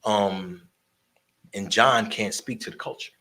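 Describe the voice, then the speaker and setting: A man telling animated stories about promoting shows, swearing freely and acting out the voices of the people in them. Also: on the low side, takes it slowly. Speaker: guest storyteller, concert promoter and barber. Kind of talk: casual storytelling interview.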